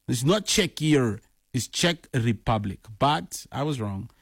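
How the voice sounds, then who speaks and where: A man's voice: mid-range voice, animated, unhurried, slightly rough, dry recording, studio quality. A man from Namibia, chatting casually about football and teasing with mock-exasperated rhetorical questions. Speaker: football fan vlogger. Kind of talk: casual commentary to camera.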